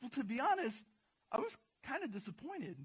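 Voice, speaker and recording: A man voicing a gentle, earnest young woman, his girlfriend in a sermon story, speaking softly and hesitantly. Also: extremely high pitch, sing-song, fairly quick, slightly rough, pitched above the performer's own voice, exaggerated voice. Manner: soft, hesitant and kind.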